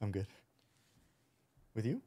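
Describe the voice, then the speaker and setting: A man with a mellow, dark tone at a mid pitch, sounding dry and close. He chats casually at a board game table, explaining the cards and joking with the other players. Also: slow pace, no echo. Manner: explains card rules, playful banter. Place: indoors at a table.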